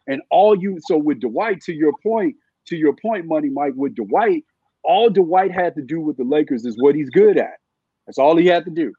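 A man's voice: fairly high pitch, moderate pace, husky, no room sound, phone-quality sound. A man in his fifties from California, a guest giving emphatic podcast sports analysis, repeating his points and building arguments with analogies. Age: 50s. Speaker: guest, former sportswriter and scout.

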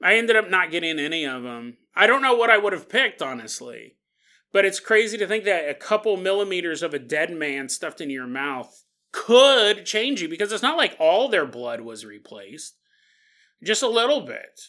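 At a normal speed, this podcast host talks in a high, sing-song voice that sounds pushed and bright. His comic monologue wanders and jokes along, dropping into goofy put-on voices.

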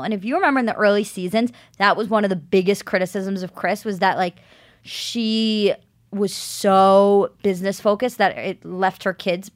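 A woman's voice: medium pitch, dry recording, studio quality. A woman co-hosting a podcast, chatting candidly and swearing as she recaps a show. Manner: candid, swears, chimes in with agreement. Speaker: podcast co-host. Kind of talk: casual chat.

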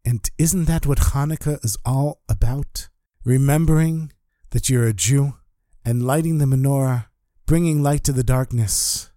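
A man's voice: mid-range voice, measured pace, dark tone, dry recording, clean studio sound, lightly acted. A man voicing a middle-aged Holocaust survivor father, emotional, his voice rising as he speaks. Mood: earnest.

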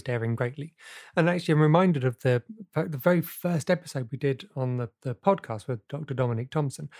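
A man's voice: medium pitch, a little mellow, no echo, studio quality. Curious man hosting a podcast. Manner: curious, reflective questioning with fillers. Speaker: podcast host. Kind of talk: podcast interview.

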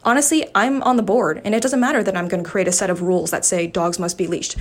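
A woman's voice: mid-range voice, steady tone, fast talker, hardly any pauses. A podcast host, a woman, shaken and upset, recounting a confrontation with agitated swearing. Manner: agitated, swearing, quoting others in raised voice. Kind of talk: angry personal story.

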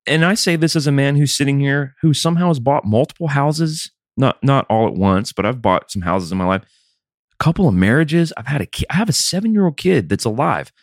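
A man's voice: mid-range voice, animated, a little fast, no echo, studio quality. A man in his thirties from the American South, co-hosting a podcast in a casual, rambling, wry and sometimes profane way. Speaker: podcast co-host. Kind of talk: casual chat.

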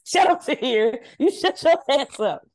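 A woman's voice: high voice, animated, measured pace, darkish tone. A woman co-hosting a podcast in casual group chat, blunt and laughing, talking over a video call. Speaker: podcast co-host.

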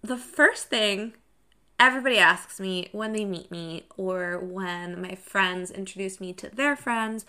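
A young woman from Mexico hosting a podcast, talking in a chatty, animated, self-deprecating way. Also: mid-range voice, a little slow. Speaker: podcast host. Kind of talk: casual monologue.

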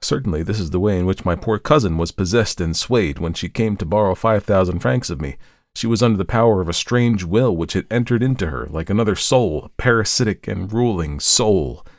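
A man giving a dramatic first-person story reading, intense, swinging between hushed dread and anguished outbursts. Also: low voice, fairly quick, no room sound, clean studio sound. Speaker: story reader.

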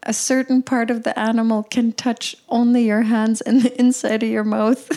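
A woman's voice: fairly high pitch, flat delivery, normal speed, hardly any pauses, mellow. A young woman from the Canadian Arctic giving an impassioned personal talk, blunt and freely profane. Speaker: speaker sharing her views.

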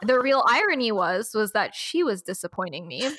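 A woman's voice: medium pitch, big pitch swings, moderate pace, fairly bright tone, slightly rough, no room sound, clean studio sound. A woman co-hosting a casual chat, telling a story with sarcasm, swearing and laughter.

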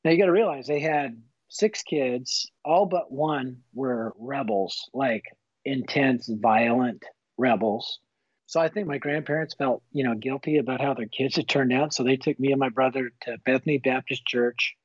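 A man in his fifties, a guest telling his personal faith story in an earnest, animated, folksy way. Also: medium pitch, normal speed, husky, no echo. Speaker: guest author. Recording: slightly muffled, dull recording.

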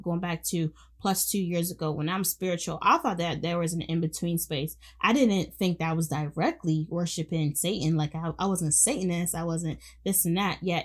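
A young woman talks straight to her podcast listeners in a fervent, affectionate monologue about faith. Her voice sits a little low for a woman. She drives her points home by repeating short phrases and keeps calling her audience honey and baby. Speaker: podcast host.

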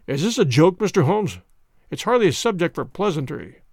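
A man's voice: a little high, big pitch swings, brisk, a little mellow, dry recording, studio quality. A man voicing a proud, aging male nobleman who speaks in a stern, imperious way.

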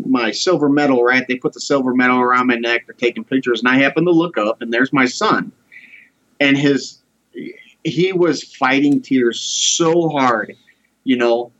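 A man's voice: mid-range voice, fairly bright tone. Guy in his 40s telling his story all earnest, kinda muffled lo-fi audio. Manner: earnest, heartfelt. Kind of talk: casual conversation, personal storytelling.

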